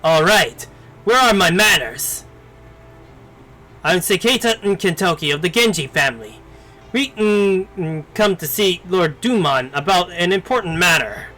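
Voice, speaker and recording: Laid-back young warrior in a game, voiced by a man; high, unhurried, casual. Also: expressive, bright, forceful tone, faint music behind, exaggerated voice. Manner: casual, slangy reading. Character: brash, easygoing young male warrior.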